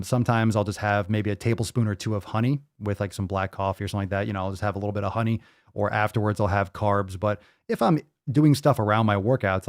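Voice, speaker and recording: A man's voice: on the low side, dry recording, studio quality. Profane rambling male podcast host. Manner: profane, loose and rambling, with sudden loud outbursts. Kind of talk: casual podcast chat.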